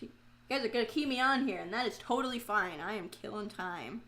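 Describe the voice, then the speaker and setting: A woman live streaming as she paints a pumpkin, chatting casually to her viewers. She is self-mocking, swears freely and breaks into loud, frustrated outcries. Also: medium pitch, animated, brisk.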